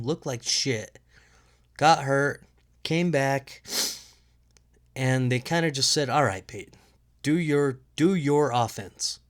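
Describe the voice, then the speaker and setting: A man's voice: medium pitch, fairly bright tone. A man hosting a casual solo sports podcast from home, with a nasal voice and a rambling, profane way of talking. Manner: rambling, profane, laughs at own jokes. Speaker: podcast host.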